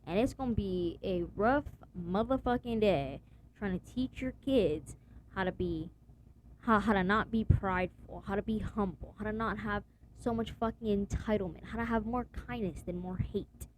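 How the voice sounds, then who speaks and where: A woman's voice: medium pitch, normal speed, slight background noise. A young woman vlogging in a blunt, rambling rant full of slang and swearing. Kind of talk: casual profane rant to camera.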